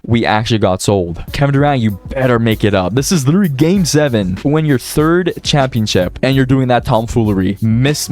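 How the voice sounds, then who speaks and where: A young man giving casual, excitable commentary over a basketball video game, swinging between gloomy muttering and high-pitched shouts. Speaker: gaming YouTuber.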